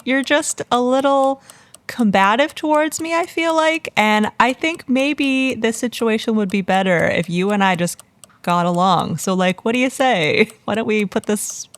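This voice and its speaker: A woman's voice: on the high side, dry recording. A woman playing a character in a tabletop role-play podcast. She speaks casually and hesitantly and laughs often. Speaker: player.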